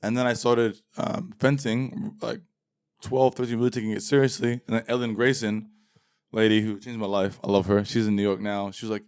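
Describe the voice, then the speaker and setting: Laid-back low-voiced man, rambling casually. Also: level tone, fairly quick, a little mellow, smooth. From England. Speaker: interview guest. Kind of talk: casual interview chat.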